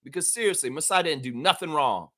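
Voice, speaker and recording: Excitable, animated man hosting a livestream. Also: on the high side, fairly quick. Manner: excitable, swears, acts out bits of dialogue. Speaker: host of a daily fan livestream. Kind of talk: casual livestream chat.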